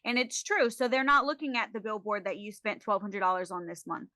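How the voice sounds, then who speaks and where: A woman, a social media expert guest on a podcast, talking in a lively, emphatic, joking way. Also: mid-range voice, fairly quick, dry recording. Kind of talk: casual interview chat.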